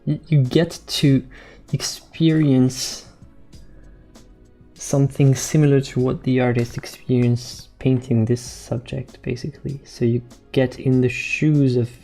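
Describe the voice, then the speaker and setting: A man painting live on stream, talking softly and slowly to his chat and repeating words as he works, with faint music behind him. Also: mid-range voice, level tone. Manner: soft-spoken, slow, repeats words while painting.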